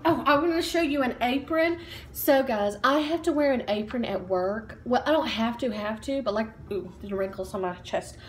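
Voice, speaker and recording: A woman's voice: fairly high pitch, roomy sound, slight background noise. Chatty woman doing a haul vlog. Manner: chatty and upbeat, many ums and likes. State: out of breath while standing. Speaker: vlogger. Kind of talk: casual haul chat. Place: room at home.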